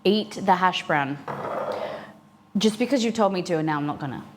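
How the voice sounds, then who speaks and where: A woman's voice: lowish voice, lively intonation, normal speed, background noise. A young woman chatting casually with viewers on a live stream while eating, reading chat aloud and answering.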